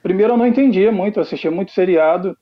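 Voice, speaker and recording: A man's voice: high-pitched, very fast. A man from Brazil joining a live stream by video call, chatting loosely and laughing often. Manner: relaxed, laughs often, rambling. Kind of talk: casual video-call chat. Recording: dull lo-fi video call audio.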